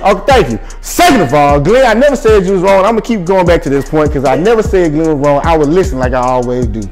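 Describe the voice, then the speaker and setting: Young man ranting in a lively voice. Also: fairly high pitch, fast, soft background music. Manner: defensive, ranting, repeats himself. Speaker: co-host. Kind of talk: casual chat.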